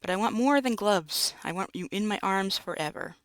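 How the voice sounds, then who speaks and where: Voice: medium pitch, lively intonation, moderate pace, clear, resonant tone, no echo, natural voice. A performer voicing a tender, clingy romantic figure from a dream, read from a text game. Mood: yearning. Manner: flowery, yearning.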